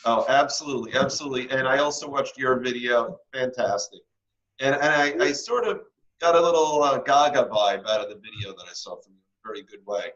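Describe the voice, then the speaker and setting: A man hosts a relaxed interview, stammering and doubling back mid-sentence while he jokes. His voice sounds bright and pushed forward. The recording is dull and lo-fi. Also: medium pitch, brisk. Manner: rambling, stammering, joking. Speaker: host. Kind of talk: casual interview chat.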